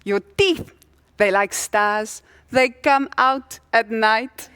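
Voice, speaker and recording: A woman telling a joke and voicing a doting husband who recites a corny love poem with theatrical, drawn-out delivery. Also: fairly high pitch, a bit bright, clean tone, no room sound, clean studio sound. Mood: mock romantic.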